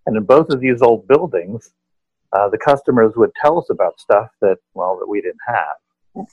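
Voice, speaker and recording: A man with a low, husky voice chats about running a haunted attraction. He rambles in a relaxed way. The audio is dull and muffled. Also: normal speed, no echo. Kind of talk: casual chat.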